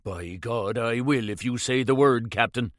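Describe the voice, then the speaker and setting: A man's voice: mid-range voice, measured pace, no room sound, clean studio sound, natural voice. A man doing a hearty publican. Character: eager Irish male village publican, proud.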